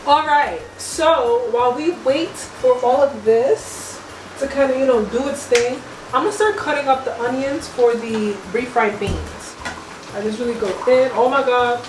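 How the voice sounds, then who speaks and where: This young woman vlogs while she cooks at home, talking to her audience in a slangy, teasing manner. Her pitch is high and her delivery a little slow. A mic placed at a distance catches kitchen echo, background music, and general noise.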